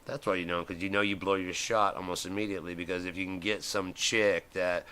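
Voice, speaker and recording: A man's voice: deep voice, level tone, a little fast, sharp tone, smooth. A man, middle-aged, hosting a live stream and ranting in a heated, profane way, acting out the voices he quotes. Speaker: host.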